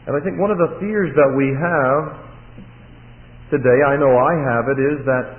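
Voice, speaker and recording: A middle-aged man preaching a sermon, his voice going hoarse, rising in force for emphasis with earnest asides. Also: long reverb tail. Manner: builds in volume and pitch for emphasis, with earnest asides. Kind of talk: sermon at a retreat. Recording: tinny phone-like old recording.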